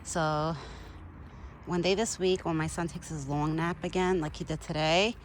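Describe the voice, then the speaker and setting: Woman chatting to her phone outside, kinda out of breath, lowish voice, faint outdoor hum behind her. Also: steady tone, moderate pace. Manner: chatty, bubbly, laughs often. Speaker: vlogger feeding a deer. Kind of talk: casual outdoor vlog. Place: outdoors in a yard.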